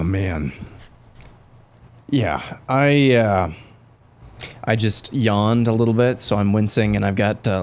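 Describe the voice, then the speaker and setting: A man co-hosting a talk radio show who speaks in a wry, relaxed way. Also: lowish voice. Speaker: co-host.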